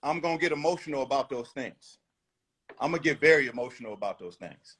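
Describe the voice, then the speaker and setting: A man's voice: medium pitch, lively intonation, fast talker, a bit bright, husky. A man talking as a rapper guest in a casual interview, blunt, emphatic and profane.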